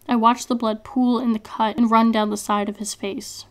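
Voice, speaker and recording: A woman author reading her own novel aloud in an expressive first-person narration. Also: on the high side, moderate pace, hardly any pauses.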